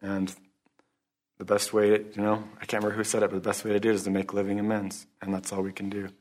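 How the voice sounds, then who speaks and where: Man, low voice, monotone, halting, earnest testimony, recovery meeting. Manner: halting, earnest, restarts often; religious, closes in prayer. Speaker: speaker sharing at a recovery meeting. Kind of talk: personal testimony.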